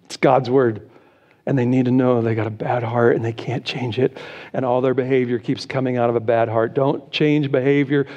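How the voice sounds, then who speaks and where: A man's voice: medium pitch, a little mellow, lo-fi sound. A middle-aged American man preaching a sermon as pastor, exhorting his listeners and chuckling between points. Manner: preaching with rising intensity, exhorting.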